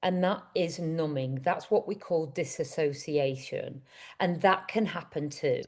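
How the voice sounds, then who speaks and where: A woman gives a motivational summit talk as a coach, speaking earnestly and pulling the audience in with direct questions. Her voice sits low, with a warm, mellow tone. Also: a little slow.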